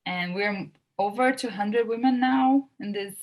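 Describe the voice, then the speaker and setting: A woman host with a Brazilian Portuguese accent, speaking English over a video call. She is eager and halting, restarting her sentences and pressing on with feeling. Her pitch sits in the ordinary middle range. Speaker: interviewer.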